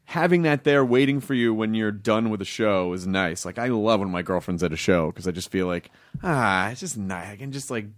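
A young man hosting a podcast, chatting in an excitable, rambling way with many restarts. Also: fairly low pitch, fairly quick. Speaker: podcast host. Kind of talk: casual chat.

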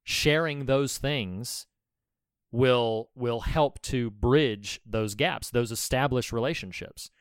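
A man co-hosting a casual film podcast, with a smooth, resonant voice recorded close and dry. He talks in an earnest, sermon-like way and drifts into scripture and encouragement. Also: medium pitch, takes it slowly, dry recording. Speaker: podcast co-host.

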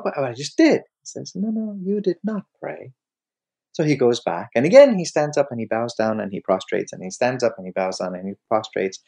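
A man giving a lecture, telling a story in an animated way and acting out its scenes. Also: medium pitch. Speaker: lecturer on mystic poetry.

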